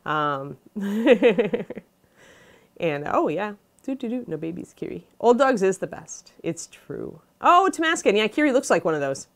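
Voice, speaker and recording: A woman's voice: medium pitch, very animated, normal speed, gravelly. A woman casually hosting a livestream, chatting and greeting viewers by name. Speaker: host of a miniature painting livestream.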